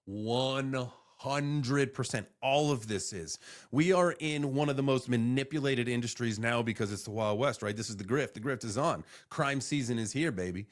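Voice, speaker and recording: A man's voice: mid-range voice, moderate pace. A man hosting a casual live crypto reaction stream, rambling and swearing as he reacts to clips. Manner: rambling, profane, animated.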